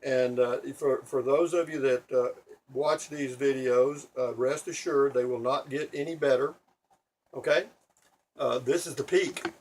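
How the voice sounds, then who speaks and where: Blunt, husky man rambling. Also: medium pitch, fairly even intonation, a little slow, darkish tone, far from the mic, low-quality recording. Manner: blunt, profane, opinionated, self-mocking. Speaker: vlogger. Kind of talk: rambling casual monologue to viewers. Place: home in Texas.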